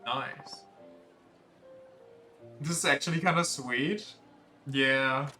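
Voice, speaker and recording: A man's voice: medium pitch, extremely slow, pushed and bright. A man streaming a video game, chatting casually and joking crudely as he plays, often laughing. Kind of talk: casual let's-play commentary. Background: faint game music.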